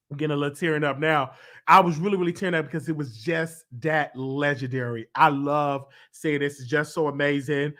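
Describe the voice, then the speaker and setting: Bright-voiced excitable gossip host. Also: male voice, fairly high pitch. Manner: emphatic, excitable, repetitive. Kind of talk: celebrity gossip commentary.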